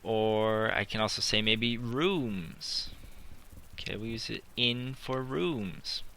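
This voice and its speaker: A man teaching English in a slow, deliberate classroom style, repeating his examples while writing them on a board. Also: on the low side, sharp tone, clean tone. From not British.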